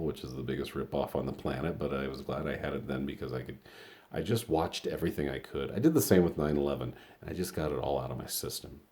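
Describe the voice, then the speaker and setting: A man's voice: extremely low pitch, dark tone. A middle-aged man from Colorado telling a story in a casual, rambling way, full of fillers and blunt, profane asides. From Colorado, USA. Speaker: vlog host.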